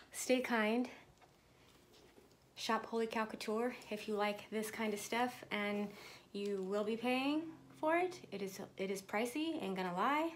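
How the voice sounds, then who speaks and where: A woman's voice: fairly high pitch, a little slow, a little hiss or hum. A woman vlogger chatting casually to her viewers while showing off a purchase. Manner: chatty, talks straight to viewers. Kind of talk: casual unboxing chat.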